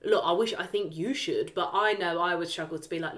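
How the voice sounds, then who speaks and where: Low-voiced, frank woman. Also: fairly quick, a bit bright. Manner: chatty, frank, slangy. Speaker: podcast co-host. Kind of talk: casual chat.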